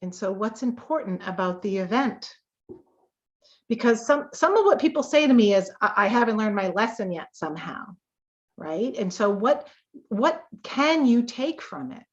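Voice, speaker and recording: A woman hosting a live tapping call, coaching listeners with slow, emphatic talk and sudden emotional bursts. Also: on the high side, big pitch swings, a little mellow, highs cut off.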